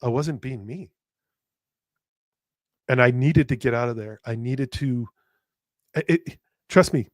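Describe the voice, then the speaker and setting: Man with halting, heartfelt podcast talk. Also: mid-range voice, no room sound, clean studio sound. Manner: halting and emotional, with frequent restarts and repeated words; blunt, with casual swearing. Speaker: podcast host. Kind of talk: candid personal podcast monologue.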